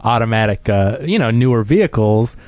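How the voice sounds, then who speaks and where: A man's voice: fairly low pitch, lively intonation, a little fast, darkish tone, dry recording. Man explaining in casual podcast chat. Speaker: podcast co-host.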